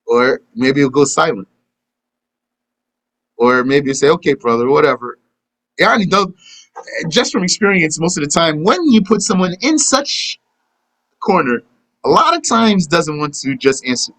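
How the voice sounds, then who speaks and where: A man's voice: fairly high pitch, expressive, measured pace, pauses often, fairly bright tone, low-quality recording. A man teaching a live religious lesson and answering questions, talking conversationally and acting out imagined back-and-forth dialogues. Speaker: Islamic teacher.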